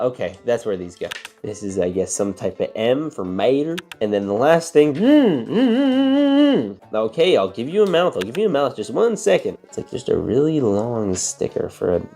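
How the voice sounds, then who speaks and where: A man hosting a casual toy unboxing, chatting excitedly as he builds and often jumping up in pitch. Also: a little fast, creaky, hardly any pauses, soft background music.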